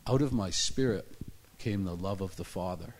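A man with a low voice preaches a sermon in a church. He tells stories with fervor and acts out each character along the way. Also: normal speed, slight background noise. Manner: storytelling, acts out the people in his stories.

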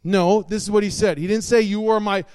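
Animated high-voiced male preacher. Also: a little fast, clear, resonant tone, dry recording, clean studio sound. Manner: animated, swings between shouting and soft asides, laughs. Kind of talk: sermon.

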